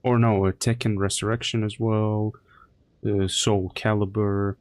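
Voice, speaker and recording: A man chatting on a live gaming stream, telling loose, rambling stories full of swearing. His voice sits a little low. He speaks crudely and casually throughout. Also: level tone, a little slow, a little mellow, dry recording. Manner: crude, profane, rambling anecdotes.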